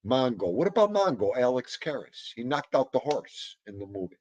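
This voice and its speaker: A man hosting a casual livestream, chatting to viewers and reading their comments in a rambling, animated way, with sudden loud exclamations. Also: mid-range voice, normal speed, slight background noise.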